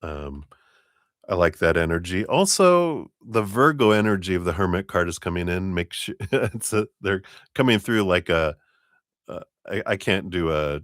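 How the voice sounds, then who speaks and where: A man reading tarot cards on a live stream, talking in a relaxed, meandering way with many fillers and now and then raising his voice to act out spirit voices. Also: normal speed, dry recording, studio quality. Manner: acts out spirit voices in a raised pitch, laughs often. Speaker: tarot reader.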